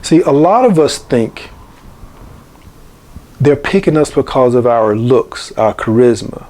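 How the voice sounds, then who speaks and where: Slow and mellow yet animated, a middle-aged host's mid-range voice carries a preachy talk to camera. He keeps returning to the same phrases throughout his channel monologue.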